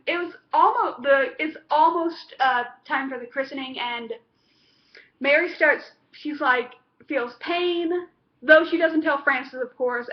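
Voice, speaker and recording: A woman with a high voice chats her way through an episode review, looping back with fillers and half-finished restarts. The recording is dull and lo-fi. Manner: rambling, with many fillers and restarts. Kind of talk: casual chat.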